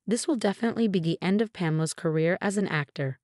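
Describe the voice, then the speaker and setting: A woman's voice: on the low side, quick pace, a little mellow, no room sound, clean studio sound, lightly acted. A woman voicing a scheming mother-in-law. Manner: sweet-talking then defensive.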